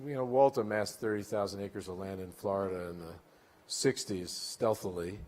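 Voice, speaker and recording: A man in his sixties, a chief executive speaking onstage as a keynote guest, measured and deliberate with a light dry humor. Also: low voice, steady tone, a little mellow. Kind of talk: onstage conference interview. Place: conference stage in a large hall. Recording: long hall reverb.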